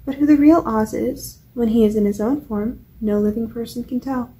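A friendly, talkative farmer, as a woman reads him aloud in a storybook. He explains things earnestly in a mellow, somewhat high voice. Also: normal speed, natural voice, poor audio. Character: curious country farmer man, friendly and talkative.

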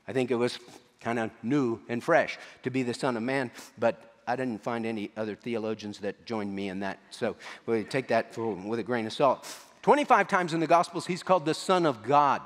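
A man preaching a sermon as pastor, animated and acting out the quoted voices. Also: mid-range voice, long reverb tail.

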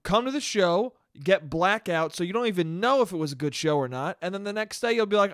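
A man's voice: high-pitched, expressive, a little fast, few pauses, a bit bright, no room sound, studio quality. Profane rambling young man podcaster. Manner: profane, rambling, self-mocking. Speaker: podcast host and comedian. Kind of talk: casual solo podcast monologue.

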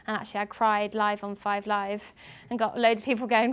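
A young woman from England speaks at a university lecture as a guest speaker. She tells her stories with animation and acts out other people's lines as she goes. Her voice sits at a middling pitch. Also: little pitch movement, fairly quick, hardly any pauses, clean tone. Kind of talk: lively talk to students.

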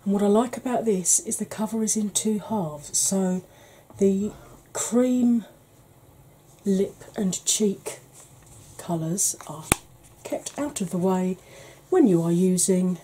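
A woman chatting casually as a beauty vlogger, easygoing and quick to laugh, with the odd mild swear. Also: mid-range voice, warm tone, slight background noise. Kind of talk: casual makeup declutter chat.

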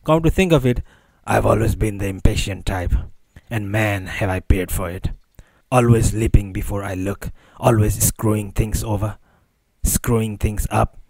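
A man's voice: lowish voice, normal speed, creaky, a little mellow, no echo. Dude reading, doing an impatient young working guy, slangy and blunt, audiobook, dry sound. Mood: frustrated.

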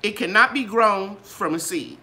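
An older woman hosting a gardening channel, chatting in a live Q and A with a lively, sing-song delivery. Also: normal speed. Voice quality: bright, trained singer's voice. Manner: animated, sing-song ups and downs in pitch. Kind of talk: live Q and A chat.

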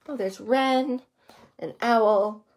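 A woman reading a picture book aloud to young children, gentle and expressive, stopping to comment on the pictures and ask the kids questions. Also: a little high, very slow. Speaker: children's story reader.

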